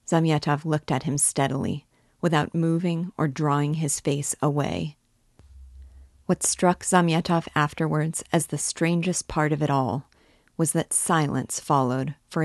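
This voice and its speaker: A woman reads a classic novel aloud with a low, unhurried voice. Her narration is measured and even, recorded close and dry with no room sound. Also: dry recording. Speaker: reader and guide.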